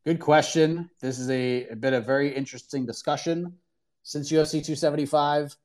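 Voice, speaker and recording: A man with a somewhat high voice hosts a casual call-in show. He talks in emphatic, opinionated bursts and often restarts his sentences as he works through an answer. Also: normal speed, a little mellow. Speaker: host of a call-in MMA talk show. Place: online audio room.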